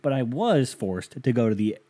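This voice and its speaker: Solo on a casual podcast, a man from the United States reads listener mail, cursing freely, rambling and throwing out sarcasm. He's very animated at a moderate pace, his mid-range voice warm in tone.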